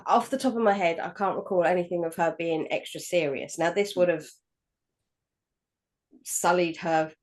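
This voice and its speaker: A woman's voice: on the low side, fairly even intonation, moderate pace, pauses often. A woman from England co-hosting a film podcast in casual chat, emphatic and jokey, swearing freely. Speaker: podcast co-host.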